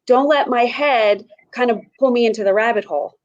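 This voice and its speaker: A woman's voice: on the high side, fairly quick, lo-fi sound. A mother on a panel, talking earnestly and thinking aloud as she reflects on fear and anger in her community. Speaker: panel guest. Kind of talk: casual reflective chat.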